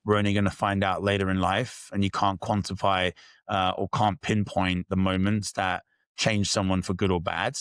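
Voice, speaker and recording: Low-voiced male guest, candid and reflective, dry recording. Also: flat delivery, normal speed, a bit bright, clean tone, no room sound. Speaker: podcast guest. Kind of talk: casual interview storytelling.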